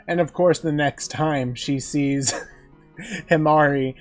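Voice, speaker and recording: A man at a middle pitch talks through an anime episode in a loose, chatty recap. He chuckles often and slips into playful voices for quotes, with soft music under him. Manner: excitable, chuckling fan talk with acted quotes. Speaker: anime reviewer.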